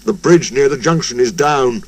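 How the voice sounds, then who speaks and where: A man's voice: mid-range voice, normal speed, a little mellow, lightly acted, poor audio. Grumbling railway guard voiced by a man. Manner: gloomy, grumbling. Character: grumbling middle-aged male railway guard.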